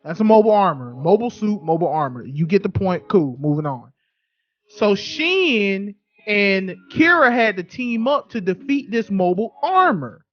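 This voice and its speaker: Profane, heated podcast ranter. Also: male voice, high-pitched, big pitch swings, moderate pace, muffled recording. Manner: heated, profane, repetitive ranting. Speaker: podcast co-host. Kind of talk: casual podcast rant.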